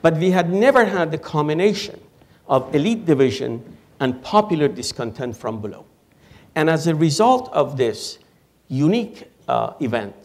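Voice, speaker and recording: Measured man. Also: on the high side. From Iran. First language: Persian. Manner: measured, lecturing, dry humor. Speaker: panel guest, Iran expert. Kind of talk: panel discussion answer. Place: auditorium with audience.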